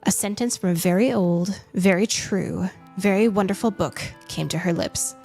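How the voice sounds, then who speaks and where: Young female streamer reading a classic novel aloud with feeling, then chatting loosely; soft music plays behind. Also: mid-range voice, normal speed, vocal fry, hardly any pauses. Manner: expressive reader, chatty and self-amused when talking. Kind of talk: reading aloud and casual chat on a live stream.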